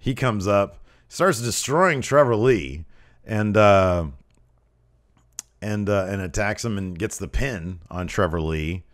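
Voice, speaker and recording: Low-voiced male podcast host, loose rambling recap style. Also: slow. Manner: rambling, lots of ums and asides; mimics wrestlers in raised voices when quoting. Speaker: podcast host reviewing wrestling. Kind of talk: casual recap.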